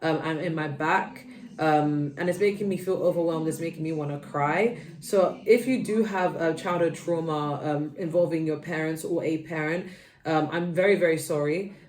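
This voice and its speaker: A woman with a lowish voice gives a tarot reading in a rambling, earnest way, full of fillers and false starts. She sits a little back from the mic, and her voice rings in an echoey room. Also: normal speed, darkish tone, distant mic. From United Kingdom. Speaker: tarot reader. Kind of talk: tarot card reading to viewers.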